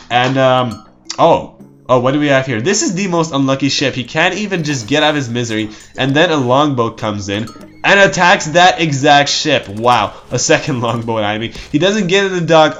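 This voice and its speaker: A man's voice: mid-range voice, a bit bright. A man giving casual, rambling game commentary, joking and breaking off with nervous laughs. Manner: rambling, jokey, self-interrupting with nervous laughs.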